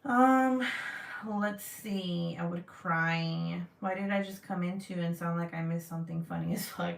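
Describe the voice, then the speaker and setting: A young woman telling a story casually on a livestream and reading her chat, animated and laughing often, with casual swearing. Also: on the low side, unhurried, creaky, distant mic. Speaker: vlogger reading live chat. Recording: roomy sound, mic set back.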